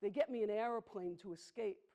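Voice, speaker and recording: A woman, performing a personal storytelling monologue on a theatre stage, intimate and emphatic, slowing down on heavy moments. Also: medium pitch, warm tone. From the Bronx, New York. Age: 60s. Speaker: solo performer.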